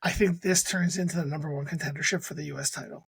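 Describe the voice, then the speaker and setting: A man's voice: a little high, fairly even intonation, quick pace, gravelly, fairly bright tone, breathy edge, no room sound. A man co-hosting a podcast in casual chat, ranting emphatically and critically, often restarting his sentences. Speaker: podcast co-host.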